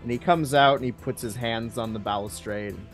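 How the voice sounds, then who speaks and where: A man narrating a tabletop game as game master in a hushed, suspenseful way. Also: mid-range voice, brisk, faint music behind.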